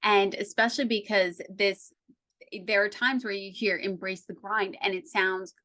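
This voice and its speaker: A woman's voice: fairly even intonation, bright, forceful tone. A woman success coach speaking enthusiastically in a podcast interview, acting out little inner voices as she explains. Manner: enthusiastic, acts out inner voices with quick pitch jumps.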